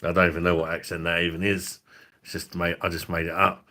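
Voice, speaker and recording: A man's voice: low voice, flat delivery, quick pace, pushed and bright. A man, hosting a drinks review livestream in a rambling, profane, laughing way. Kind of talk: casual livestream chat.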